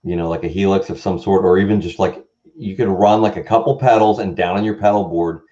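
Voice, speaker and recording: A man's voice: low voice, fairly even intonation, a little fast, dark tone, muffled recording. A man co-hosting a casual livestream chat, rambling and easygoing.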